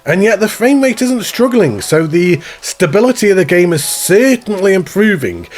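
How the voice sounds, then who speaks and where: A man giving chatty, rambling commentary while touring a zoo in a video game, often laughing at himself. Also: on the high side. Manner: chatty, rambling, self-mocking. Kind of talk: casual gameplay commentary. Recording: faint background music.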